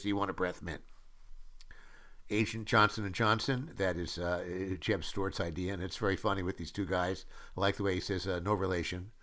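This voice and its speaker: A screenwriter in his seventies shares behind-the-scenes stories in a film audio commentary, his voice low, bright, and forward. He recalls things as he goes, with lots of "uh"s and acted-out quotes from the people involved.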